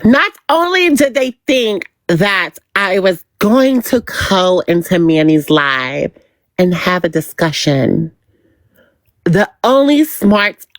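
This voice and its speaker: A woman hosting her own livestream and giving gossip commentary. She talks in a dramatic, drawn-out way and repeats words in a teasing sing-song. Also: lowish voice, dry recording. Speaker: livestream host.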